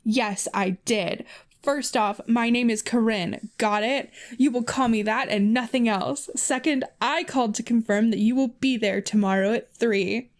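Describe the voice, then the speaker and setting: A woman's voice: a little high, unhurried. A woman reading the lines of a sassy, self-assured teenage girl who talks firmly. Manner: firm and sassy.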